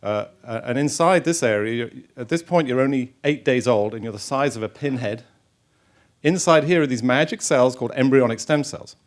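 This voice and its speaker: A man's voice: mid-range voice, normal speed. A middle-aged man, a researcher, giving a public science lecture with slides in an informal, chatty way, with many fillers and restarts. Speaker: stem cell researcher giving a talk. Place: lecture hall.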